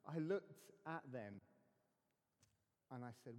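A man delivers a sermon from the pulpit, his voice a touch higher than most men's. He tells his story earnestly and drops to near-whispers for emphasis. A long reverb trails each phrase through the church. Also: expressive, moderate pace, pauses often. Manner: earnest storytelling, dropping to hushed tones for emphasis. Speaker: pastor.

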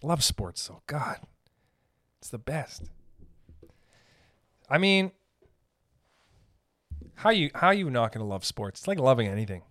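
A man hosting a podcast, ranting in a rambling, profane, comedic way and slipping into quick character voices. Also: medium pitch, very animated, sharp tone, no room sound, clean studio sound. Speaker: podcast host. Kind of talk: casual comedic rant.

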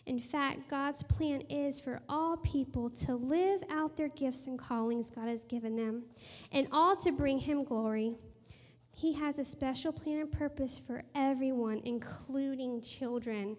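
A high-pitched woman in her thirties preaches with earnest storytelling. She sometimes drops to a hushed voice for emphasis. Her voice rings with the long reverb of a hall. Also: measured pace. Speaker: speaker sharing a testimony. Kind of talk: sermon testimony and prayer. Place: room with a gathered audience.

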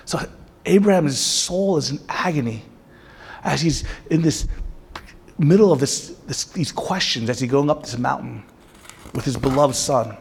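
A man preaching a sermon with impassioned rhetorical questions, at times dropping to a hushed, intense delivery. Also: mid-range voice, unhurried, gravelly, long pauses, husky. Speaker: pastor. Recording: long hall reverb.

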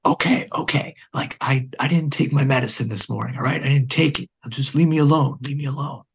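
A man voicing an agitated armed man who barks clipped, repeated commands in a gravelly voice. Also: mid-range voice, fairly even intonation, brisk, voice pushed up. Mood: frantic.

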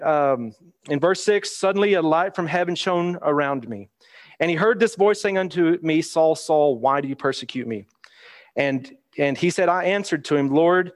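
Male preacher, slightly high voice, casual teaching sermon that mixes scripture reading with explanation. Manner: plain conversational teaching with restarts, reading scripture aloud.

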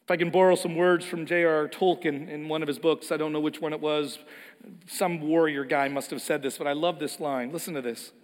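Emphatic preacher in a reverberant hall. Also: male voice, on the high side, steady tone, fairly quick. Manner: emphatic, swings between soft and loud, repeats words. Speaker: pastor. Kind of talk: sermon.

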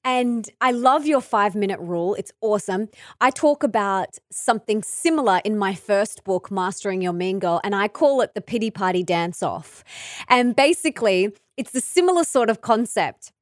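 A woman's voice: medium pitch, animated, normal speed, no room sound, studio quality. A woman hosting a podcast interview, enthusiastic and encouraging as she shares her own ideas. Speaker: podcast host. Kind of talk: conversational interview.

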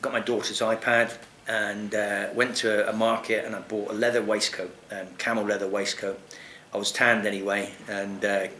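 Bloke spinning a sweary story, low but bright voice, roomy echo. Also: male voice, normal speed, hardly any pauses, slight background noise. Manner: swearing, animated, laughs often. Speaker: guest actor. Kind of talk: casual storytelling.

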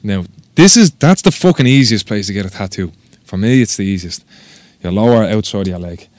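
A man with a Dublin Irish accent, a tattoo artist telling stories on a casual podcast, sweary and animated as he acts out what people said. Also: fairly low pitch, brisk, dry recording. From Ireland. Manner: sweary, animated storyteller acting out quotes.

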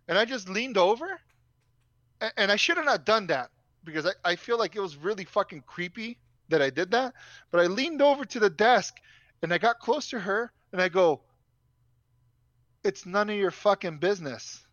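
A man's voice: high-pitched, lively intonation, moderate pace, fairly bright tone, no room sound, highs cut off. A young man telling a story in a casual, profane, ranting way.

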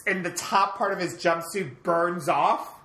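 A woman with a notably low voice chats casually as a podcast co-host, walking through a film's plot scene by scene. Her sentences trail off and restart as she goes. The sound is roomy, with clear echo around her. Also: unhurried, a bit bright. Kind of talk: casual movie recap chat.

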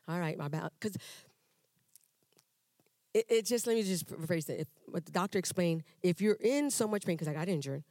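Woman telling a lively church testimony. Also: on the low side, moderate pace, pauses often, dry recording, studio quality. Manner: animated storyteller, acts out dialogues with humor; conversational with frequent restarts. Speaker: church member giving testimony. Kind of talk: personal testimony to a congregation. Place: church hall before a congregation.

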